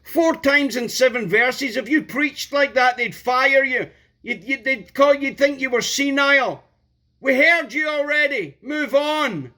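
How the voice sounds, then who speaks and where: A man's voice: very high-pitched, measured pace, pushed and bright. A man preaching a sermon, emphatic and repeating key words for stress.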